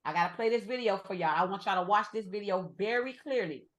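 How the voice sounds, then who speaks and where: A woman's voice: mid-range voice, fast talker, over music. A woman teaching a trading class with energy, repeating her points and speaking straight to the group. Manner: emphatic, repeats points, addresses the group as y'all. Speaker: trading instructor.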